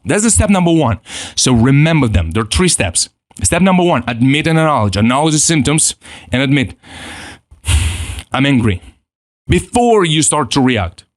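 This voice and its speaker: Animated man coaching with lively pitch. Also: dry recording, clean studio sound. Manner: animated, acts out quoted inner voices, repeats words. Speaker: self-help coach. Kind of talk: motivational teaching.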